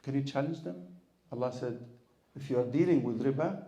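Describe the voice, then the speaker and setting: A man's voice: medium pitch, a little fast, mellow, echoey room, highs cut off. A man from Egypt, an imam preaching in a storytelling style, asking rhetorical questions and chanting verses with rising force. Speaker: imam and Islamic lecturer. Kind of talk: sermon-style Q&A talk.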